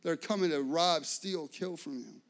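Male pastor in his thirties, lively sermon storyteller, voice a touch high. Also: a little slow. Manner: animated storytelling, acts out dialogue, fillers.

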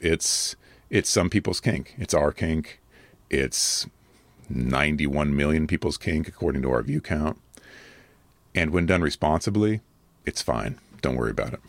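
A man with a very deep, slightly rough voice, earnest and measured, answering viewer comments in casual commentary. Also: dry recording. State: a little rough from allergies. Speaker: adult video creator answering comments.

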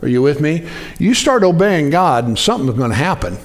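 A man preaching a sermon in a conversational way, often asking the congregation to respond. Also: fairly quick. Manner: animated, jumps up in pitch for acted-out quotes. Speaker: pastor.

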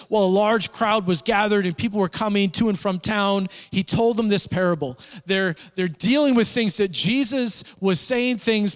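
A man with a fairly high voice delivers a sermon, building his points through repeated phrases. His voice carries a long reverb from a church hall. He moves between urgent emphasis and quieter prayer. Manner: emphatic preaching with repeated phrases and rising intensity. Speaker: pastor.

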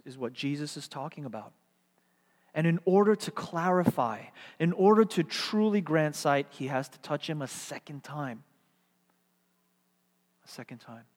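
A man's voice: fairly high pitch, animated, measured pace, long pauses. Reverberant male preacher. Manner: rhetorical questions, swings from emphatic to hushed. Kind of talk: sermon.

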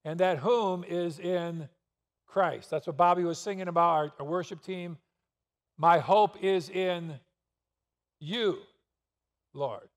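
A man pastor preaching a sermon in a church, asking rhetorical questions and pressing points with sudden emphasis. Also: a little high. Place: church sanctuary. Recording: long reverb of a church hall.

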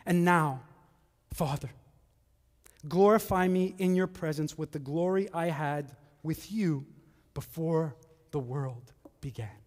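A preacher voicing Jesus in prayer, hushed and solemn. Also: male voice, a little high, slow, long pauses, big-room sound, pitched below the performer's own voice. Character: Jesus praying, solemn and gentle, male.

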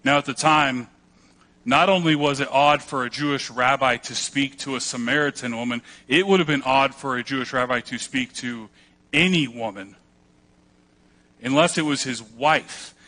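A man's voice: mid-range voice, normal speed, sharp tone. A man pastor preaching a sermon, telling the story conversationally and acting out the quoted voices with a joking touch.

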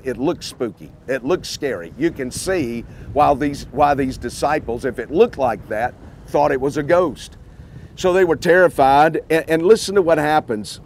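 A man preaching a sermon outdoors by the water, deliberate and emphatic, repeating his key points. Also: on the high side, darkish tone.

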